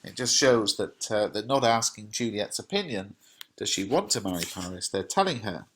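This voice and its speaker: A man teaches a literature lesson, turning old verse into everyday talk. His voice is bright and forward, and his tone stays casual and explanatory. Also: fairly low pitch, expressive, moderate pace. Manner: chatty, plain paraphrasing.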